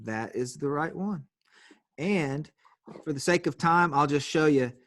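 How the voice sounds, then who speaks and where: A man's voice: fairly high pitch, measured pace, fairly bright tone, no echo, clean studio sound. A man teaching an online grammar class on a video call, explaining patiently step by step and calling on students.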